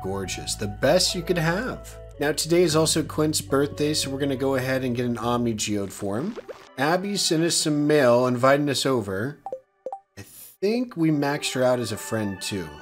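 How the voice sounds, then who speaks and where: Faint game music sits under this man's commentary as he plays. His medium-pitched voice is animated and moderately paced, yet worn from losing his voice, and he stays chatty, upbeat and self-deprecating as a let's play host.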